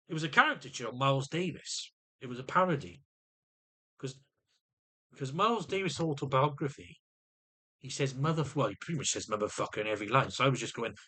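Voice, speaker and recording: A man's voice: medium pitch, pushed and bright. A middle-aged man in an agitated personal rant to camera, often stumbling and repeating words as he vents. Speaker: vlogger.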